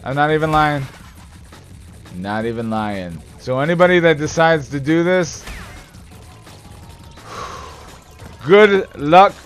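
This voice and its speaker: A man's voice: on the high side, moderate pace. A man casually commenting on his gameplay, joking around, swearing and bursting into mock anger. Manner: animated, jokey, swears, outbursts of mock anger. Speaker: let's play gamer. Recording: game music behind.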